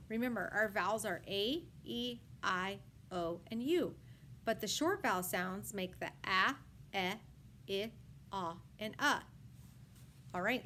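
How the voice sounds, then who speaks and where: A woman teaching a first grade phonics lesson, sounding out words slowly piece by piece and praising often. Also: mid-range voice, bright, forceful tone, a little hiss or hum. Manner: slow, sound-by-sound enunciation with frequent praise. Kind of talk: phonics lesson for young children.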